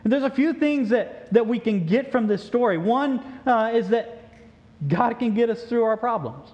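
A male preacher telling a story in a sermon, animated and joking, on a dull lo-fi recording. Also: very high-pitched, normal speed.

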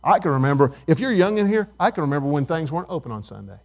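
Pastor, middle-aged man with a high voice, conversational preaching that questions the congregation. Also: big pitch swings, very fast. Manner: conversational, asks the congregation questions, tells stories. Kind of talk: sermon.

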